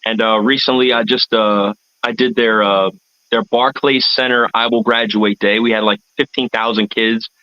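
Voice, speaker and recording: A man's voice: lowish voice, steady tone, normal speed, dry recording, highs cut off. A man from the United States, an artist and event MC, telling his story as a guest in an earnest, rambling, reflective way. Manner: rambling, earnest, searching for words.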